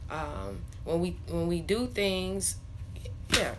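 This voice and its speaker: A woman's voice: lowish voice, sing-song, slow, very noisy. A young woman talking casually to her followers, rambling, swearing freely and laughing often as she tells stories. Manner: loose, profane, laughs often, rambling storytelling. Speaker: vlogger. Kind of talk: casual chat to camera.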